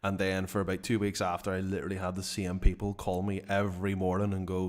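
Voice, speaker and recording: A man's voice: low-pitched, monotone, quick pace, few pauses. Laid-back Northern Irish man. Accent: Northern Irish, Belfast. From Northern Ireland. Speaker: channel host. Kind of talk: casual live-stream chat.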